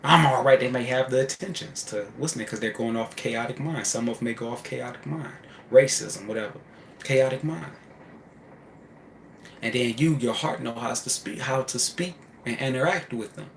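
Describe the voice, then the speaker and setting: A man's voice: mid-range voice, moderate pace, vocal fry, slight background noise. Emphatic man preaching in an echoey room. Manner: repetitive and emphatic, shifts between loud outbursts and hushed asides. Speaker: spiritual speaker. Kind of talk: preaching monologue. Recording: echoey room with faint ambience.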